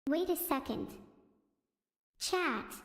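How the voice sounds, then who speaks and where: Synthetic woman's voice, stream host, rambling casual chat, high pitch, long reverb. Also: lively intonation, extremely slow, a bit bright. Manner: rambling and chatty, easily sidetracked. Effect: synthetic text-to-speech voice. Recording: echoey room with long reverb.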